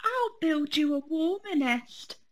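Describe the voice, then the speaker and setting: A woman voicing an earnest little boy bear cub in a storybook, high and squeaky with excitement. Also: takes it slowly. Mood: eager.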